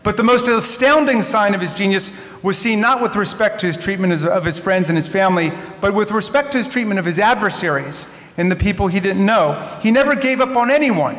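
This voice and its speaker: Man, memorial tribute speech, earnest and wry, fairly high voice, echoing synagogue hall. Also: brisk, few pauses, a bit bright. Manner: earnest storytelling with wry humor. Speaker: eulogist. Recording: echoey hall with long reverb.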